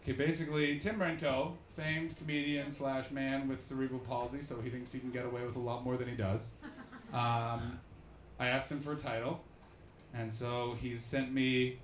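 A comedian telling jokey stories to a live audience and acting out the people in them. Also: male voice, medium pitch, normal speed, roomy sound, a little hiss or hum. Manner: animated, jokey, acts out the people in his stories. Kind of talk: live podcast storytelling with an audience.

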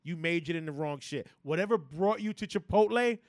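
A man's voice: a little high, lively intonation, brisk, no echo, studio quality. A man on a casual podcast, ranting emphatically with lots of profanity and stammered restarts. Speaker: podcast co-host.

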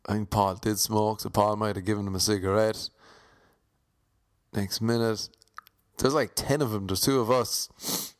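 A man's voice: fairly low pitch, steady tone, unhurried. A man from Cork with an Irish accent telling a comic story, rambling and correcting himself with wry asides. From Ireland, Cork. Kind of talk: comic anecdote monologue.

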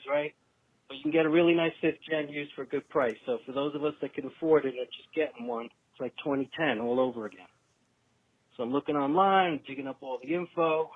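A man's voice: fairly high pitch, husky, no room sound. A man with a New York accent, calling in to a podcast with a chatty, rambling, wisecracking question. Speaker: caller. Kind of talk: phoned-in voicemail question. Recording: tinny phone line.

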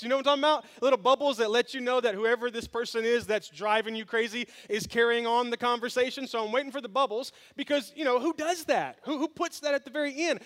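A man's voice: extremely high pitch, fast, hardly any pauses, a bit bright. A man preaching a sermon as pastor, telling a story with humor and speaking straight to his congregation. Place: church sanctuary.

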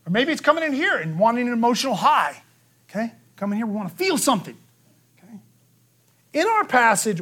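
Lively, high-voiced male preacher. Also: brisk. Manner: lively storytelling, acts out quotes, frequent "okay?". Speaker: pastor. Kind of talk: sermon.

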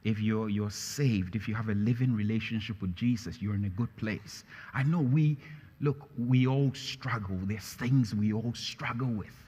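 A man's voice: normal speed, dark tone, slightly rough. A man preaching a sermon as pastor, emphatic and repeating phrases, his voice climbing on key lines. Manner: emphatic, rises in pitch and volume on key phrases. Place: large church hall. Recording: church hall reverb.

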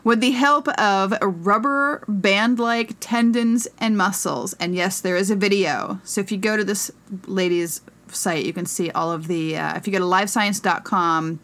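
Her voice is mid-range and a bit bright as she co-hosts a laid-back comedy podcast. Reading an article out loud in a jokey way, she goes haltingly and trips over difficult words.

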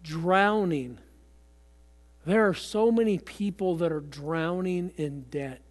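A man's voice: a little high, slow pace, big-room sound. A man preaching a sermon as pastor, talking in a conversational way with fillers and repeated words.

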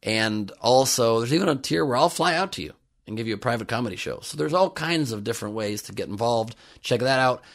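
Male podcast host, mid-pitch, dry jokey delivery, comedic news rundown. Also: animated, a little fast, creaky. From United States. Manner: sarcastic, jokey riffing on the news.

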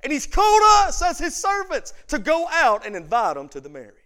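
High-pitched pastor guy preaching in church, goes quiet then loud, repeats stuff for punch. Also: huge pitch swings, brisk. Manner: preaching with dramatic swings from hushed to loud; repeats words for emphasis. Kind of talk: sermon.

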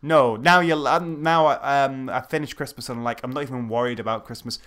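A man's voice: mid-range voice, fairly even intonation, fairly quick, a bit bright. A man co-hosting a podcast, chatting casually in an easygoing, hesitant way. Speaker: podcast co-host. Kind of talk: casual chat.

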